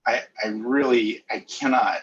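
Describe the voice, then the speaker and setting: Man, low voice, very slow, moved, searching for words, faint background noise. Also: steady tone, a bit bright, lo-fi sound. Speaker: school board vice president. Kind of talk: thanks at a virtual board meeting. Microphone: video call.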